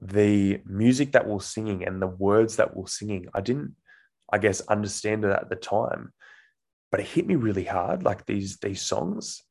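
A man in his twenties with an Australian accent and a low, gravelly voice. He tells his story in an easygoing way, with lots of fillers. He acts out the voices of the people he quotes. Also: moderate pace, a little mellow. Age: 20s. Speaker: guest, actor. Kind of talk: casual storytelling interview.

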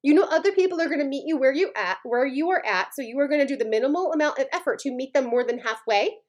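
Blunt, high-voiced woman podcast host. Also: animated, fast talker. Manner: blunt, emphatic, frequently asks "okay?" and "right?"; gets worked up, speaks with heated intensity. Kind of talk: motivational podcast monologue.

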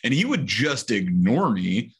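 A young adult man casually telling a story on a sales podcast, animated and acting out the voices of the people in it. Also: mid-range voice, a little slow, husky. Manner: animated, acts out quoted voices. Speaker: podcast co-host, sales trainer.

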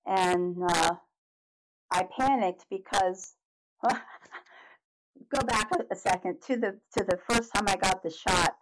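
A middle-aged woman, a podcast guest, telling a personal story in an animated way, with halting restarts and acted-out reactions. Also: medium pitch, poor audio. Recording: noticeable background noise.

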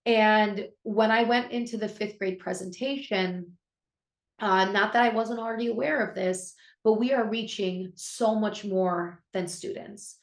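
A woman's voice: medium pitch, unhurried. Earnest young woman in a roomy space. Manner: earnest, heartfelt, with frequent restarts. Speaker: abuse prevention educator and co-host. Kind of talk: conversational podcast storytelling. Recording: roomy echo.

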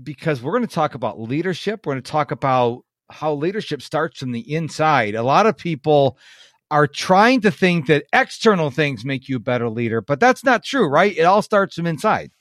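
A talkative man from Western New York hosts his podcast with a fairly high voice. He chats eagerly and tells animated stories, and the sound is dry and close, with no room around it. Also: normal speed, no room sound. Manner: chatty, enthusiastic, animated storytelling. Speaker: podcast host. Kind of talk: casual interview chat.

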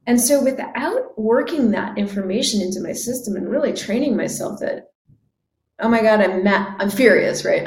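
Reflective woman chatting, acts out little quotes, kinda higher voice, echoey room. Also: a little mellow, slight background noise. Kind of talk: casual conversation.

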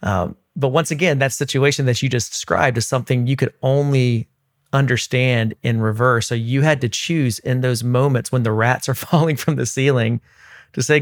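A man hosting a faith-based interview, encouraging and affirming as he asks his questions. His voice sits in a middle pitch, and the recording is dry and close. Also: moderate pace, no echo. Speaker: podcast host. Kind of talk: interview conversation.

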